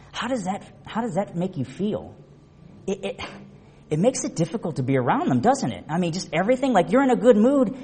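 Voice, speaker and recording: A middle-aged man preaching a conversational sermon, telling stories in a chatty, animated way with many restarts. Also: high voice, breathy edge. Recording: reverberant hall.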